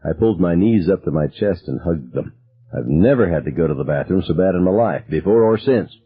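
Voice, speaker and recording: A man narrates a novel in the first person, measured and somber. His voice is low and husky. The sound is dry and squeezed into a narrow, phone-like band. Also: lively intonation, dry recording, soft background music. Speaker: audiobook narrator.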